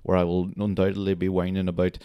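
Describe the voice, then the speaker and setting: Deep-voiced podcast host, monotone. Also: male voice, fast, clean tone, dry recording, lo-fi sound. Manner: monotone, laid-back, swears casually. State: slightly under the weather. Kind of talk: casual chat. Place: indoors in a friend's house.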